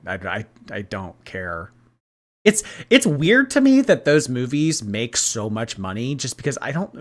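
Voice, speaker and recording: A man's voice: medium pitch, bright, forceful tone. A man hosting a casual livestream, reading and answering viewer chat in a gossipy way and laughing often.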